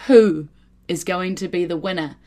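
A woman hosting her own podcast in a casual, chatty way, laughing often and quickly getting excited. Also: on the low side. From New Zealand. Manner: bubbly, laughs often, gets giddy with excitement. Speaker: podcast host. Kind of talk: casual solo podcast chat.

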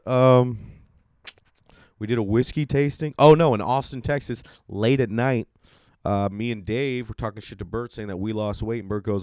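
A man's voice: mid-range voice, moderate pace, a little mellow, no echo, clean studio sound. A young adult man from California, a stand-up comedian telling rambling, profane tour stories in a casual podcast monologue. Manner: profane, rambling, self-mocking.

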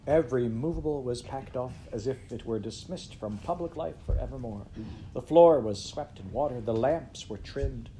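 A man reading a classic story aloud in an expressive way, with big swings in loudness and pitch. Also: normal speed, slight background noise. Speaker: storybook reader.

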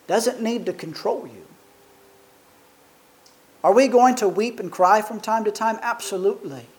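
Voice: medium pitch, darkish tone, rough recording. A preacher delivers a sermon in a mid-range voice, reading scripture and then reflecting on it earnestly. The delivery leans on rhetorical questions put to the listeners.

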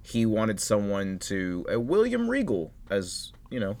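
Man, co-host, casual chat, easygoing, rambling, low-ish voice. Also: huge pitch swings, a little slow, vocal fry, darkish tone. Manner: easygoing, rambling, lots of fillers and hedges. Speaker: podcast co-host.

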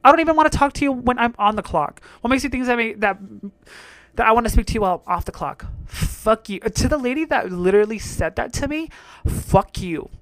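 A man's voice: very high voice, animated, quick pace, fairly bright tone, no room sound. A young man hosting his own show, talking in a blunt, profane, exasperated rant. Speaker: solo podcast host. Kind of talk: casual rant monologue.

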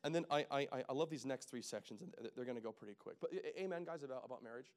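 Casual preaching man, loud emphatic swells. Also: medium pitch, very fast. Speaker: pastor. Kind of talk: sermon.

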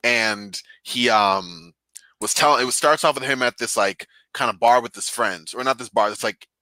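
Casual male talker on a video call, bright, forceful, rambling delivery, dry sound. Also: mid-range voice, normal speed, no echo, low-quality recording. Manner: excitable, rambling with many fillers. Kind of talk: casual chat, retelling comic stories.

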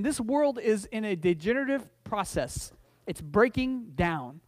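Middle-aged male pastor, high voice, chatty anecdotes that swell into emphatic preaching, many restarts. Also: lively intonation, moderate pace, darkish tone, dry recording. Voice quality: frequent restarts and repeated words. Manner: conversational, storytelling preacher who rises to emphatic declarations. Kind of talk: sermon.

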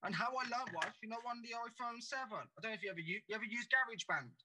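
A young man, his voice sitting high and bright with a hard, cutting edge. He tells sweary stories at a rapid clip in a relaxed podcast chat. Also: low-quality recording. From Birmingham, England. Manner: fast, sweary storytelling. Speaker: podcast guest. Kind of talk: casual chat.

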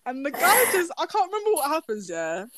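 Animated young woman telling a story. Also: high-pitched, a little fast, a crowd in the background. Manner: animated, swearing, bursts of laughter. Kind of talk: casual storytelling chat.

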